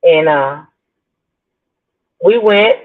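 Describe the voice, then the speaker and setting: A woman's voice: on the low side, lively intonation, very slow. A middle-aged woman hosting her own show, telling a personal story in a rambling, chatty way and talking straight to her listeners. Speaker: blogger host. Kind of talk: casual storytelling to viewers. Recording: tinny phone-like audio.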